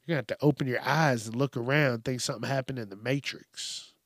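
A man's voice: medium pitch, fast, dry recording, clean studio sound. A man hosting a podcast alone, ranting in a profane, casual way and briefly mimicking people. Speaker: podcast host. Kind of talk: casual solo rant.

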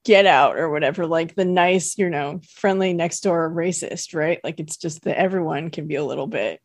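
Low-pitched woman chatting on a podcast. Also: normal speed, dry recording, clean studio sound. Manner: chatty, laughs easily, lots of fillers. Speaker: podcast co-host. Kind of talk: casual chat.

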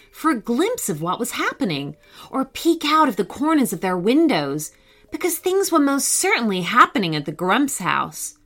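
A woman narrating a children's story in an expressive, playful way. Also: fairly high pitch.

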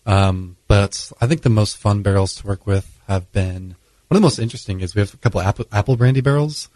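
A man in a casual interview, explaining his brewing in a relaxed way, with many fillers. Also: fairly low pitch, fairly quick, no room sound. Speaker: brewer guest.

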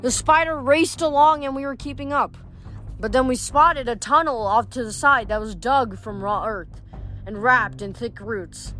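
A woman reading a novel aloud at a steady pace, with small slips and restarts. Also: a little high, moderate pace, soft background music. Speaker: audiobook reader.

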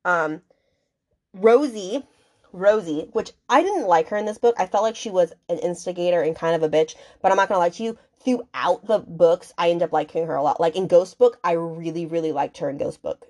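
A woman's voice: fairly low pitch, a little fast, a little mellow. A woman hosting a book podcast, recapping the story in a casual, chatty way, full of fillers, swearing and indignant asides.

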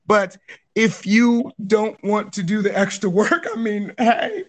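An excitable woman from Los Angeles hosts a loose live podcast chat. She teases her co-host playfully and breaks into laughter easily. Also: mid-range voice, slow pace. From Los Angeles, USA.

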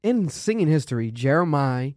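A man co-hosting a casual show, swearing freely and mocking performances in animated commentary. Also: a little high, normal speed, no room sound, studio quality. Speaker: co-host.

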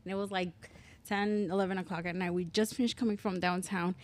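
A woman's voice: medium pitch, fairly even intonation, quick pace. A woman in a casual group chat who laughs easily while telling stories.

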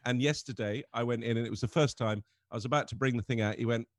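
An English man telling funny stories in casual chat, animated and often laughing as he talks. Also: mid-range voice, fast, no room sound. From England. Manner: animated storyteller, laughs through his stories. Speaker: comedian guest.

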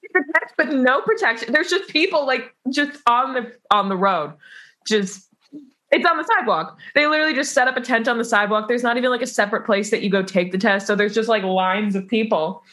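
A woman co-hosting a casual podcast, telling an anecdote in an animated, laughing way. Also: fairly high pitch, fairly quick, poor audio. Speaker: podcast co-host.

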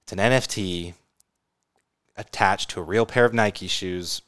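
Laid-back man with a lowish voice. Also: a little slow, a bit bright, clear, resonant tone, no echo, clean studio sound. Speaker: podcast co-host. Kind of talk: casual couple's podcast chat.

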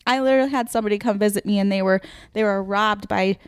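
A woman who is a regular guest on a podcast, telling stories in a rambling, animated way. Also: mid-range voice, fast talker, clear, resonant tone, dry recording, clean studio sound. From United States. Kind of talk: casual chat.

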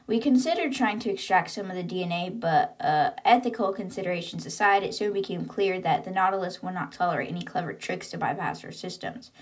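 A woman's voice: on the low side, fairly quick, few pauses, close to an everyday voice. A woman reading the lines of an eager, chatty male submarine engineer, in a voice close to her own.

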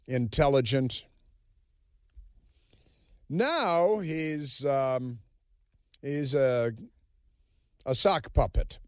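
A man's voice: medium pitch, no room sound. A man hosting a political talk radio show, talking in a sarcastic, mocking, rambling way full of fillers. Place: radio studio. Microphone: studio microphone.

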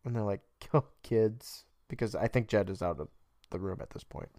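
A man's voice: low-pitched, fast talker, darkish tone. A man co-hosting a podcast, chatting casually about a TV episode, laughing often and acting out the characters' lines. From United States. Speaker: podcast co-host. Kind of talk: casual chat recapping a TV episode.

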